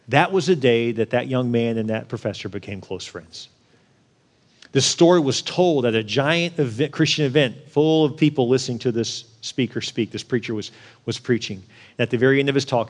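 Man preaching, emphatic then hushed. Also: mid-range voice. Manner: conversational preaching, rising to emphatic then dropping soft and quiet. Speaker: pastor. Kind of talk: sermon.

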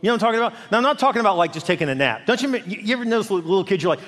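A middle-aged man preaches in a high, bright-pitched voice, chatty and animated, slipping into playful asides. His words ring out with the long reverb of a large church hall. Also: rapid-fire, few pauses. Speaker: pastor. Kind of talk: sermon.

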